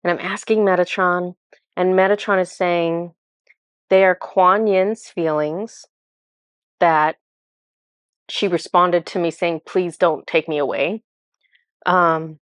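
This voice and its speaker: A woman with a fairly low voice tells of a spiritual vision in an earnest, emotional way. She speaks casually and often stumbles and restarts her words. Her voice sounds close and dry, with no room echo. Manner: earnest, emotional storytelling with many fillers and restarts. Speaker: spiritual channeler. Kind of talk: recounting a channeled vision.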